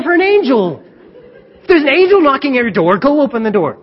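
A male preacher giving an animated sermon, retelling a story and acting out the scenes. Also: very high voice, fairly quick. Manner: animated, acts out scenes, chuckles at own jokes. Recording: dull reverberant hall recording.

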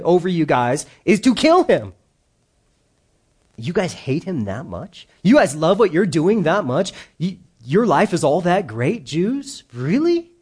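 A male pastor preaching a sermon in an animated way, acting out the quoted voices. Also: high-pitched, breathy edge.

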